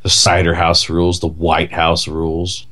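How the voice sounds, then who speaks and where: A man's voice: low-pitched, monotone, normal speed, bright, forceful tone. A man co-hosting a casual chat, rambling with lots of "like" and "you know". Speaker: podcast co-host.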